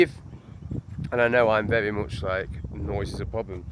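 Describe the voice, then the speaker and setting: An English man chatting to camera in a vlog beside a lake, animated and full of asides. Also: fairly low pitch, moderate pace. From England. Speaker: vlogger. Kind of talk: casual vlog talk to camera. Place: outdoors by a lake. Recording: noisy outdoor recording.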